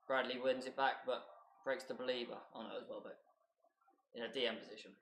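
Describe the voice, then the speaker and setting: A man's voice: mid-range voice, fairly even intonation, brisk, fairly bright tone, roomy sound, a little hiss or hum. Chatty man streaming a match. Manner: chatty, loose, reacts to play and reads out viewer names. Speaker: football watchalong streamer. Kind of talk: live match commentary and chat with viewers.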